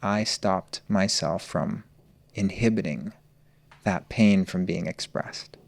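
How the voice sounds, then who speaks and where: Earnest man with a gravelly low voice. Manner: earnest, open, slow and searching. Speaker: podcast guest, healer. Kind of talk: reflective personal storytelling.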